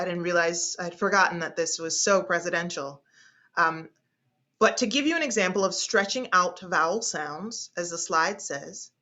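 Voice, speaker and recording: A woman speech instructor teaching an online class, hesitating often and slowly stretching out vowel sounds as she demonstrates them. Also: lowish voice, pushed and bright. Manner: hesitant, with frequent fillers and restarts.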